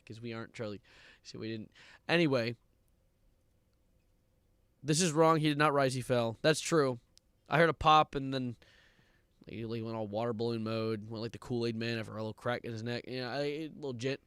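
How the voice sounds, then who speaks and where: A young man streaming live and reacting to online content, ranting sarcastically, swearing and breaking into loud outbursts. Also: mid-range voice, moderate pace, pauses often, clear, resonant tone, dry recording. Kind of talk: livestream reaction commentary.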